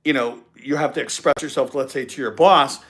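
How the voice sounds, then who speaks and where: A man's voice: medium pitch, steady tone, brisk, fairly bright tone. A man hosting a live-stream podcast, giving an emphatic motivational talk and repeating his key points. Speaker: podcast host.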